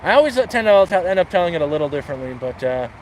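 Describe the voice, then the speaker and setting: A man chatting casually on a livestream, crude and laid-back, swearing as he tells dark jokes. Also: fairly high pitch, sing-song, rapid-fire, slight background noise, rough recording. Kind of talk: casual livestream chat and joke telling. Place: outdoors near water.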